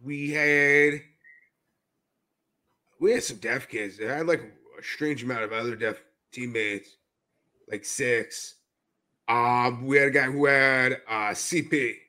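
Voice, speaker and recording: A man talking as a guest in a casual podcast interview, telling animated stories and often laughing as he goes. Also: medium pitch, slow, pauses often. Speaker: podcast guest, jiu-jitsu brown belt.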